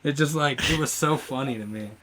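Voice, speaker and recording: A young man hosting a casual podcast, telling an animated story, acting out quotes loudly and laughing often. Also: mid-range voice, fairly quick, over a noisy crowd. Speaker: podcast host. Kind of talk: casual chat.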